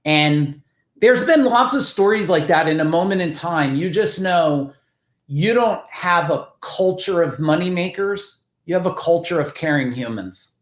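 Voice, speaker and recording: A man with a fairly high voice tells business stories in a casual, emphatic way. He swears freely and slips into the voices of the people he quotes. The room has a noticeable echo. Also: expressive, unhurried. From New Jersey. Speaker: podcast guest, business founder. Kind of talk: casual storytelling.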